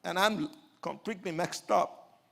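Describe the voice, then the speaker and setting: A man, an evangelist, telling his life story as a testimony sermon to an audience, with animated swings from hushed asides to loud outbursts. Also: sits high, measured pace, creaky.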